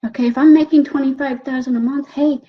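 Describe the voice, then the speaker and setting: A woman giving a motivational talk as a coach, animated and often asking "okay?", voicing her own excited thoughts. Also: sits high, fast, muffled recording.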